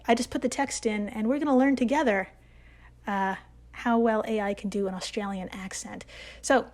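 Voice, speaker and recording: A woman hosting a comedic science podcast, talking in a playful, jokey way with swooping emphasis. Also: on the high side. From United States. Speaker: podcast host.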